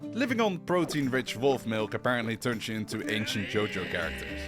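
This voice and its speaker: A man's voice: lowish voice, lively intonation, a little fast, music in the background. A man giving comedic scripted narration for a history video, with sarcastic, playful asides to the viewer.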